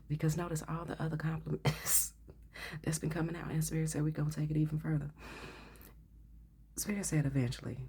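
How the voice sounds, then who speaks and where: A woman's voice: very deep voice, mellow, slightly rough. A woman giving a casual tarot reading, blunt and profane, often dropping into a whisper. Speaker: tarot reader.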